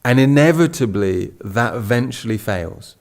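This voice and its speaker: A man's voice: medium pitch, animated, normal speed, vocal fry. A man gives a casual Buddhist talk. He wanders through a personal story, backtracking and restarting his sentences. Now and then he slips into quoted lines of dialogue. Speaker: Buddhist teacher giving a talk. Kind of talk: casual spoken dharma talk.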